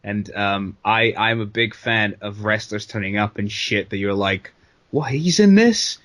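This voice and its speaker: A man's voice: fairly low pitch, completely flat delivery, measured pace, sharp tone. A man co-hosting a wrestling podcast in casual chat, talking loosely with lots of swearing, fillers and jokey quoted voices. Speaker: podcast co-host.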